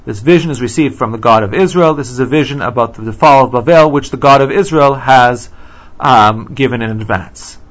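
A man giving a lecture on scripture. He reads Hebrew verses aloud, translates them and explains them in a measured way with frequent ums. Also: mid-range voice. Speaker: Bible teacher.

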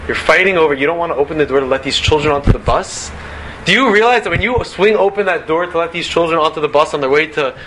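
A man giving an animated Torah lecture, full of rhetorical questions and Hebrew and Yiddish terms. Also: sits high, slight background noise. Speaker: rabbi giving a Torah talk.

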